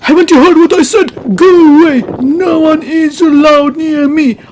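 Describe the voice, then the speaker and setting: A woman voicing a big, boastful male goose who blusters and shouts threats in a comic wildlife voice-over. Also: high voice, fairly even intonation, unhurried, slight background noise, poor audio. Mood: aggressive. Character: huge boastful male goose, aggressive guard.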